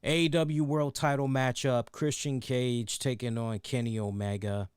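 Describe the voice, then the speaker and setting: A man hosting a wrestling review show, talking in a casual, animated and profane way and laughing at his own jokes. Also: mid-range voice, measured pace, smooth, no room sound, studio quality. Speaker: wrestling review podcast host. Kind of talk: casual excited chat.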